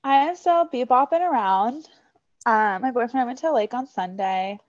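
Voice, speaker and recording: A woman's voice: on the high side, moderate pace, muffled recording. A woman co-hosting a podcast in casual chat, reacting briefly and laughing along. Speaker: podcast co-host.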